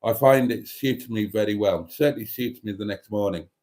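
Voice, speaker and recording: A man's voice: lowish voice, a little fast, a little mellow. A man hosting a casual live chat, reading out viewer comments in a camp, theatrical manner. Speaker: host of a live chat show.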